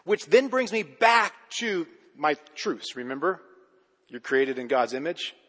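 A male pastor delivers a sermon in a church sanctuary, his voice a little husky. He punches key words loudly, then lets phrases sink low and soft. A long reverb trails behind every line. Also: very animated, a little slow. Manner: emphatic, swinging between loud urgent stresses and low quiet endings.

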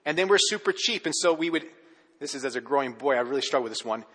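A man preaching a sermon as pastor, telling stories with animation and then dropping to a soft, earnest hush. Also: mid-range voice, animated, quick pace, breathy edge, big-room sound.

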